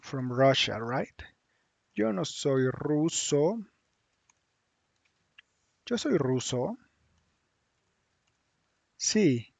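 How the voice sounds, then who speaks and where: A man teaching a lesson, thinking aloud slowly with hums and restarts as he works on screen. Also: fairly high pitch, creaky, dry recording. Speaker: Spanish teacher. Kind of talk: screen-share language lesson.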